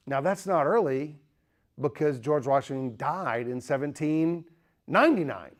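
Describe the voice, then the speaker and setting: Brief: male speaker, lively lecture style, quizzes the room, cracks jokes. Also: a little high. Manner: lively, joking, asks the audience questions. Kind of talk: apologetics lecture.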